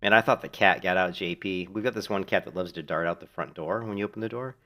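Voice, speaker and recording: A man's voice: deep voice, quick pace, bright, forceful tone. A middle-aged man chatting casually while streaming a game from home, a laid-back, rambling storyteller who swears freely. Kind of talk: casual chat while playing. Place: home in Florida.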